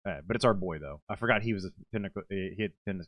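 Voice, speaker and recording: Lowish guy on a podcast, swears constantly, acts stuff out, super casual. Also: quick pace, a bit bright. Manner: swears a lot, acts out scenes he retells. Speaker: podcast co-host. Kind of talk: casual chat.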